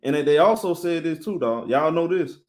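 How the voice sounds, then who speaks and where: A man talks loosely and energetically, as if running his own live sports stream. His voice sits a little high for a man. He keeps turning to address his viewers directly. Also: normal speed. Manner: animated, talks straight to chat viewers, shouting them out.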